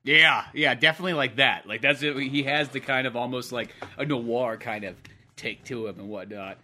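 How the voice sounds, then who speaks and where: Bright-voiced man rambling about films. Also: medium pitch, normal speed. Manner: rambling, many fillers, laughs often. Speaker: podcast co-host. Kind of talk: casual film-review chat.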